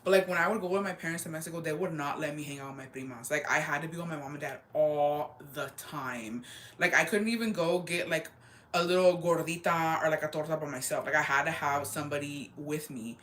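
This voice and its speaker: A woman in her twenties chatting casually on a livestream, slangy and animated, dropping Spanish words into her storytelling. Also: sits low, a little fast. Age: 20s. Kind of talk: casual chat.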